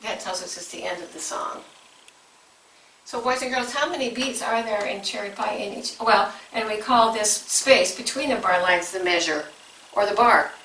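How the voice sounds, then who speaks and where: A woman's voice: mid-range voice, moderate pace, pushed and bright, roomy sound, distant mic, slight background noise, low-quality recording. A woman coaching teachers through a music lesson, explaining step by step and breaking into short sung examples.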